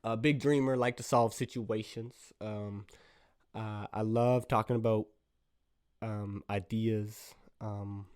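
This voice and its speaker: A man's voice: fairly low pitch, no room sound, studio quality. Rambling, slangy young man podcasting solo. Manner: rambling and playful, slangy, with sudden loud bursts. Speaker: podcast host. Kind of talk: casual solo podcast monologue.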